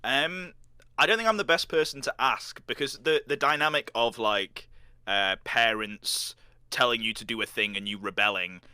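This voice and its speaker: A man chatting casually as co-host, giggly and soft-spoken. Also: mid-range voice, moderate pace, clean tone, dry recording. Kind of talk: casual reaction chat.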